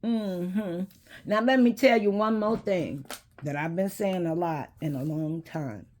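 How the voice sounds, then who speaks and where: Slow-talking woman musing to viewers. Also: fairly low pitch, a little mellow. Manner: unhurried preachy talk, addresses viewers as y'all. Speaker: host. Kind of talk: casual talk to camera.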